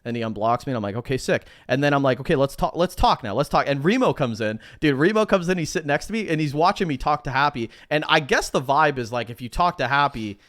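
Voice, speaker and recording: A man co-hosting a podcast, telling a story in a casual, animated way, swearing and acting out what people said. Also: mid-range voice, fast, hardly any pauses, no echo, clean studio sound. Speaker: podcast co-host.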